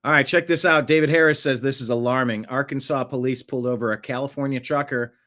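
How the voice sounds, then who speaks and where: A man's voice: mid-range voice, steady tone, fast talker, pushed and bright. A man hosting a casual video commentary, with chatty, wry asides between clips. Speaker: channel host.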